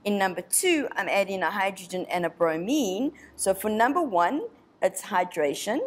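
A woman's voice: mid-range voice, lively intonation, moderate pace. Chatty south african lady teacher, talks herself through the problems, encouraging. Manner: chatty, encouraging, thinks aloud; puts on a snobby voice for a molecule. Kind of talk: exam revision lesson.

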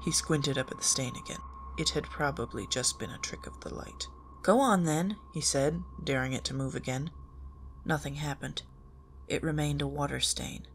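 An audiobook reader narrating a fan fiction story in a calm, measured way. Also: mid-range voice, vocal fry, slight background noise.

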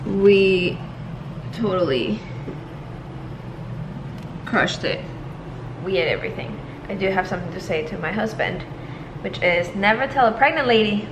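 Woman, young adult, breathless, excitable casual chat, faint background noise. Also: medium pitch, measured pace, pauses often. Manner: chatty, excitable, laughs often. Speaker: vlogger. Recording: roomy echo.

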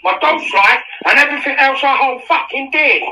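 A man shouting aggressively and swearing in an online debate. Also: very high voice, normal speed, over a noisy crowd, rough recording.

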